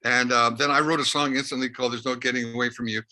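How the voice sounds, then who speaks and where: An older man tells rock-band stories in a casual interview. His voice is bright and cutting, and he leans forward into every anecdote, acting out who said what. The delivery stays at an ordinary middle pitch. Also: fast. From Canada, Winnipeg. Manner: lively anecdotal storyteller who acts out dialogue. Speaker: interview guest, rock musician.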